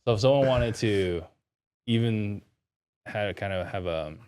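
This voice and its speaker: A man hosting a casual interview, relaxed and quick with short affirmations. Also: on the low side, clean tone. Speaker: podcast host.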